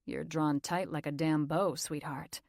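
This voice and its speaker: A woman voicing a young male actor who soothes and teases his co-star in a slightly lowered voice. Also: fairly even intonation, measured pace, gravelly, darkish tone, dry recording, clean studio sound. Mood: soothing. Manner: soothing, teasing. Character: teasing, gentle male actor, young adult.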